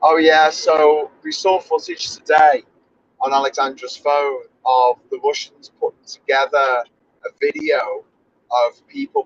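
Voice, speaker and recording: A man hosting a casual chat, rambling and opinionated, correcting himself as he goes. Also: medium pitch. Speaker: podcast host. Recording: dull lo-fi recording.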